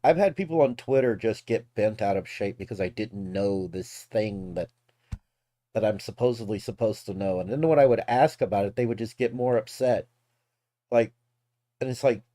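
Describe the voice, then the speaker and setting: Reacting to clips on his stream, a man from Texas with a Texan accent rambles casually, laughs a lot and swears freely. He speaks in a lowish, mellow voice on a dry recording.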